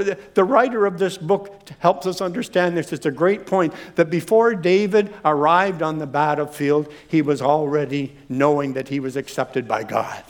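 A male preacher giving a sermon, emphatic and animated, telling humorous stories and repeating phrases. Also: high-pitched.

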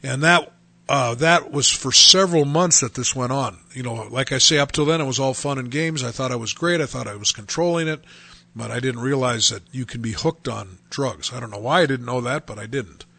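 Earnest man giving a halting personal testimony. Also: mid-range voice, gravelly, sharp tone, dry recording. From North Dakota. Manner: halting, earnest storytelling with many restarts.

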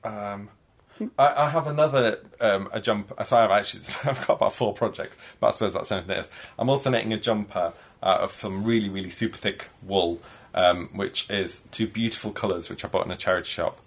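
Animated man guest. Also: fairly low pitch, fairly quick, vocal fry. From Yorkshire, England. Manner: animated, self-deprecating storyteller. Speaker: guest, performer. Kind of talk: casual interview chat.

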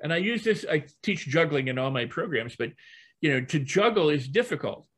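Older man telling lively teaching stories. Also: on the high side, fairly quick. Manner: lively storyteller who repeats and builds phrases. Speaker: guest, hypnotist and trainer.

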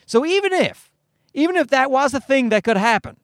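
High-voiced man on a sarcastic profane rant. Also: animated, fairly quick, fairly bright tone, dry recording, studio quality. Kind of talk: ranting commentary.

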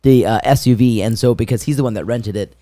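A man's voice: mid-range voice, fast. A man co-hosting a casual podcast, animatedly telling a story and acting out the voices of people in it. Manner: animated, acts out quoted voices, laughs mid-story. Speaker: podcast co-host.

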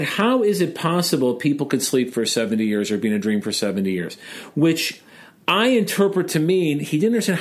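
A man from Chicago hosting a casual discussion, talking in a chatty, joking way and retelling a story. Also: on the high side. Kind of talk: casual discussion of Jewish texts.

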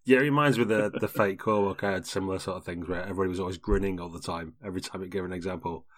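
A man's voice: low voice, fairly even intonation, very fast. A man co-hosting a casual chat about tabletop games, chatty, swearing and laughing a lot. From Britain. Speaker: podcast co-host.

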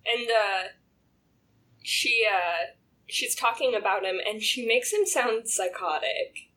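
A woman co-hosting a casual podcast chat, animated and laughing often as she talks over a TV drama. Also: a little high, slow pace. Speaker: podcast co-host.

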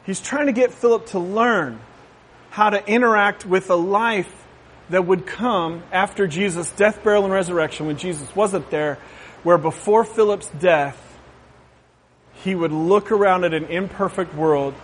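Casting note: high-pitched male pastor, chatty sermon, joking asides, keeps asking the crowd if they agree. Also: a little slow, a little hiss or hum. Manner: conversational, asks the crowd "right?"; jokey asides.

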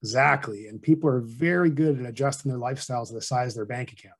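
A middle-aged man, a financial advisor, talking through money habits in a casual podcast interview with a fairly monotone, plain-spoken delivery. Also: medium pitch, fast, breathy edge.

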